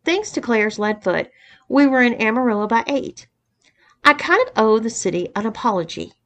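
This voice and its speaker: A woman reading a first-person story aloud, keeping the dialogue tags calm and even. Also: on the high side, normal speed. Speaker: reader of erotic fiction.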